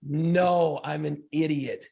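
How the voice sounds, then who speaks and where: A man's voice: a little high, fairly even intonation, slow, warm tone. A man co-hosting a casual podcast, swearing freely and rambling through a long story about home life. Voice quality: gravelly. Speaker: podcast co-host.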